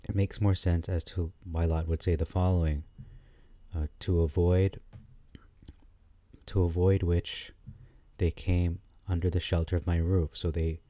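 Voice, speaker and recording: A man giving casual commentary on scripture, thinking aloud with frequent pauses, fillers and restarts. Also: sits low, flat delivery, dark tone, no echo.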